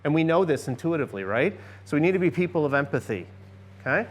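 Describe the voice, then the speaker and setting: A man's voice: fairly high pitch, very animated, fast talker. A man presenting a church seminar on listening, earnestly addressing a live audience and often checking in with "okay?".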